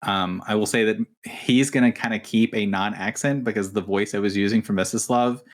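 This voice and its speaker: A man's voice: fairly low pitch, steady tone, fairly quick. A man running a tabletop game as game master, chatty and often restarting his sentences. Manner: chatty, hesitant with fillers and restarts.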